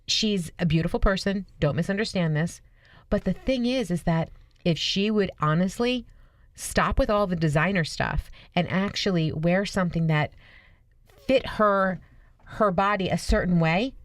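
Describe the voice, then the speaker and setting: A woman's voice: fairly low pitch, no echo, clean studio sound. Chatty, enthusiastic female radio co-host. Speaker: radio show co-host, image consultant. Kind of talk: casual radio chat.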